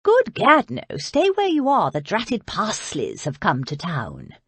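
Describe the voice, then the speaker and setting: A woman's voice: mid-range voice, wildly swooping pitch, unhurried, a bit bright, breathy edge, no echo, full character voice. A woman voicing an imperious, haughty aristocratic lady in an audiobook, speaking coolly and grandly. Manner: cool and imperious.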